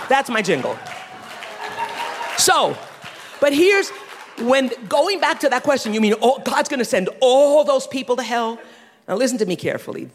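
A man preaching a sermon, animated, swinging between loud and hushed with quick asides. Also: high voice. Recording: long reverb of a large hall.

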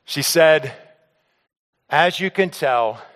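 Animated man telling a story in a hall. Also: fairly high pitch, very slow. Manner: animated, acts out scenes, stammers and repeats words. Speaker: speaker telling a personal story to an audience. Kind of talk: storytelling talk on stage. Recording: long hall reverb.

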